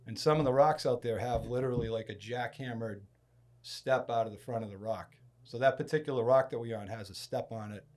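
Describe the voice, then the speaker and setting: On a podcast, a guest from Massachusetts tells a long story in a casual, chatty way, speaking a little fast at an ordinary middle pitch. He is an animated storyteller who swings his voice widely to act out the people he quotes, with loud bursts on their lines.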